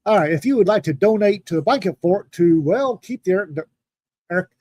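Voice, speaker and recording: Grumpy, sarcastic high-voiced man. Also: lively intonation, brisk, darkish tone, no room sound. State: tired from lack of sleep. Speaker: podcast co-host. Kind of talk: casual livestream chat.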